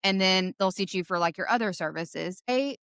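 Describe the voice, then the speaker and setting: Podcast co-host, woman, young adult, bright and forceful storyteller on a dry close mic. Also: medium pitch, moderate pace, smooth, no room sound. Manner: animated storyteller, laughs often, acts out quoted voices. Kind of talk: casual storytelling chat.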